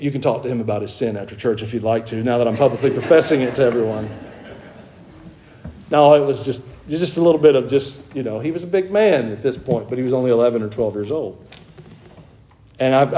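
A man's voice: medium pitch, darkish tone. A middle-aged man preaching a sermon as pastor, talking conversationally, with self-deprecating humor and emphatic exhortations.

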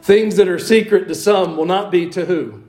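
A man's voice: sits high, normal speed, a little mellow, low-quality recording. A man preaching a conversational sermon in a church, asking his congregation questions and putting on mock voices with wry asides. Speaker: pastor. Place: church sanctuary.

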